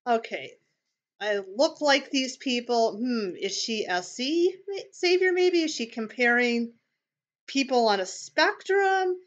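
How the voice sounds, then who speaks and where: A woman's voice: on the high side, expressive, takes it slowly, highs cut off. A woman commentating on video clips, thinking aloud in a tentative, questioning way. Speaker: personality-typing commentator.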